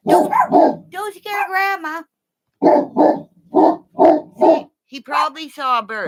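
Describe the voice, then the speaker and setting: A woman's voice: extremely high pitch, animated, slow, pauses often, a bit bright. A woman in a rambling, profane casual chat, talking to her pets between asides. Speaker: vlogger.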